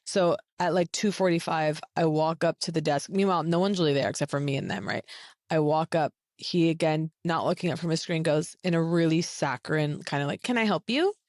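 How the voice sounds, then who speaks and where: A low-pitched woman chatting on a podcast, acting out quoted lines in her story. The sound is dry and close. She keeps it casual and lively. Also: a little fast, no room sound. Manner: animated storyteller, acts out quoted people with jumps in pitch. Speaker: podcast co-host.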